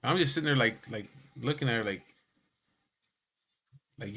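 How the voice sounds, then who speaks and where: A man telling a story from his own life, blunt and loose, swearing freely and dropping filler asides as he goes. His voice sits at an ordinary middle pitch and changes with the tension of the story. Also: normal speed, long pauses, bright, forceful tone, slightly rough. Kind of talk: casual profane storytelling.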